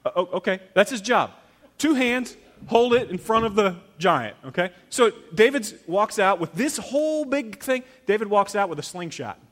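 A man preaching a sermon, telling a story with dramatic swings from loud to hushed and acting out the characters' lines. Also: sits high, very animated, moderate pace. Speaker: pastor.

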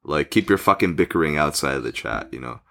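Casting: man with an extremely deep, gravelly voice, laid-back casual chatter. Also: expressive, fast talker, a bit bright. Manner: laid-back, lots of murmured agreement. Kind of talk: casual chat.

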